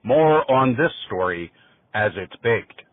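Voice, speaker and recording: A man reading a parody news report in a deadpan newsreader delivery over a phone line. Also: lowish voice, slow pace, no room sound. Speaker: comic newscaster.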